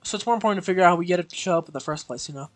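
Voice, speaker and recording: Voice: mid-range voice, rapid-fire, faint music behind, natural voice. A streamer voicing a bubbly, clumsy teenage schoolgirl friend in a visual novel read-aloud, with a chirpy, eager delivery. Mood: earnest.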